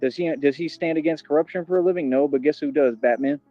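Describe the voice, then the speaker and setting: A man's voice: on the high side, fast. Male streamer, boastful and aggressive, muffled lo-fi stream audio with faint music. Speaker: livestreamer. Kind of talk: ranting livestream monologue.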